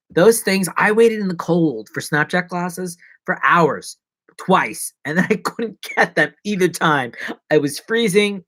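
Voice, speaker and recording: A man chatting casually and rambling playfully on a solo livestream. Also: pushed and bright. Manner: rambling, playful, drops to whispers and jumps to squeaky voices. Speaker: livestreaming vlogger.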